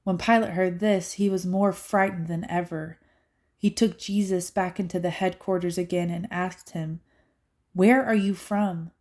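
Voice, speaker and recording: A woman reading a scripture passage aloud in a steady, clear narration. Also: fairly low pitch, normal speed. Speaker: scripture reader.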